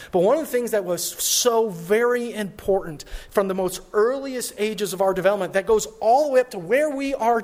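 A man pastor giving a sermon, telling a personal story in a conversational way with frequent restarts. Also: high voice.

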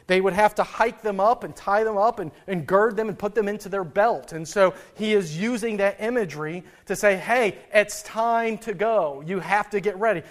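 A middle-aged man, a pastor, preaching a sermon in a folksy, storytelling way and chuckling at his own anecdotes. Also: high-pitched.

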